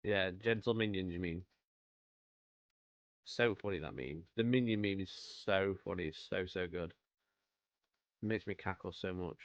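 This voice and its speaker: A man's voice: deep voice, moderate pace, pauses often, no echo, muffled recording. Chatty British man hosting a live stream. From United Kingdom. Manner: chatty, jokey, greets chat by name. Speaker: livestream host painting miniatures. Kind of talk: casual live-stream chat.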